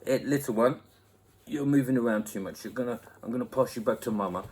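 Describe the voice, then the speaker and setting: This young channel host talks fast in a husky, mid-range voice with a darkish tone. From home, into a laptop mic, he answers viewer questions playfully, laughing often and chatting to a baby.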